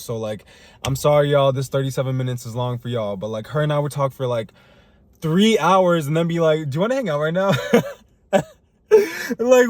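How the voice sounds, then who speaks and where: A man's voice: medium pitch, a little mellow. A young man rambling through a casual personal monologue to camera, full of fillers and restarts. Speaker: vlogger. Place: living in Chicago.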